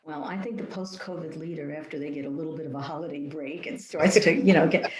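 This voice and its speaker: A woman guest in an interview who answers in a thoughtful, measured way and builds long lists of ideas. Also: low-pitched, fairly even intonation. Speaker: guest leader. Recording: echoey room.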